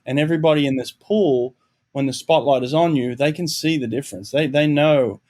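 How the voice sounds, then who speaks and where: A man's voice: fairly high pitch, brisk, a little mellow. Earnest Australian man, middle-aged. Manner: reflective, earnest, with frequent restarts and "you know". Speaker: guest, swim coach. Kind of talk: candid podcast interview.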